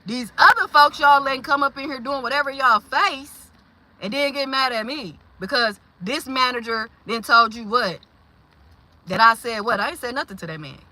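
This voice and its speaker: Bright-voiced, blunt woman venting. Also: high-pitched, normal speed, rough recording. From Milwaukee, Wisconsin. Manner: animated, blunt, confrontational. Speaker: vlogger. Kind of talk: venting monologue.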